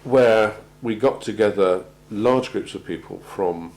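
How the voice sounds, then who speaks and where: A man gives a measured talk on crisis planning, often pausing and repeating words as he goes. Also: fairly low pitch, a little mellow, poor audio. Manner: measured, halting, repeats words while finding them. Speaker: presenter on organisational crisis planning. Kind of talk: prepared talk to an audience.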